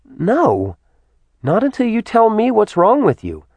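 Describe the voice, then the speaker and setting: A man's voice: sits high, wildly swooping pitch, a little slow, a little mellow, slightly rough, no room sound, voice pushed up, exaggerated voice. A man voicing a bold, mocking young woman in a storybook reading. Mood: teasing. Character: sassy, teasing young woman.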